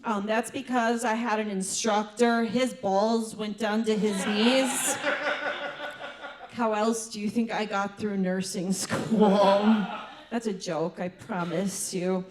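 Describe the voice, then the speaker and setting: A middle-aged woman performing a stand-up comedy set, chatty with quick asides and laughing at her own jokes. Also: medium pitch, fairly even intonation, a crowd in the background.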